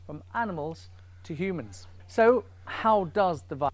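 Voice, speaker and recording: Male broadcast reporter, formal measured read, pitched a little high. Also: lively intonation, no room sound. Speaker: news reporter. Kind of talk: scripted news report.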